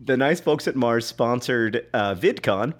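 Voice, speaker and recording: Male co-host, mid-pitched, dry wit, easy conversational delivery. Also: animated, a little slow. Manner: wry, dryly joking, breaks into helpless laughter. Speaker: podcast co-host. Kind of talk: casual comedic chat.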